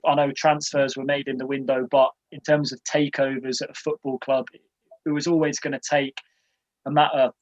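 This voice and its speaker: A man speaks in a measured, hedging way over a video call. His audio sounds dull, lo-fi and dry. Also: mid-range voice, no echo. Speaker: panel guest. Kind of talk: casual live panel chat.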